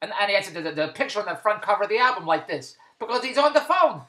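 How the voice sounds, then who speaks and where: A woman's voice: medium pitch, sing-song, rapid-fire, pushed and bright. A woman in an exasperated comedic rant, stammering restarts and asking the same questions over and over. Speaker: comedic monologuist. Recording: echoey room.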